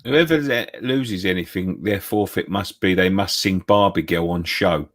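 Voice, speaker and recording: A man's voice: low-pitched, moderate pace, a bit bright, no echo, clean studio sound. A man on a casual fan show panel who swears and jokes freely. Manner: sweary, jokey. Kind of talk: casual banter.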